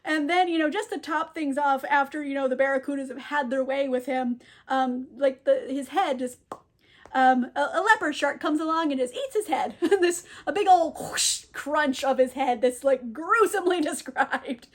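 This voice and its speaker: A young woman casually retelling a novel's plot, with lots of fillers and frequent laughter. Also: high voice. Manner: laughs often, lots of fillers, quick quoted asides. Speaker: book reviewer. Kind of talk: casual book recap.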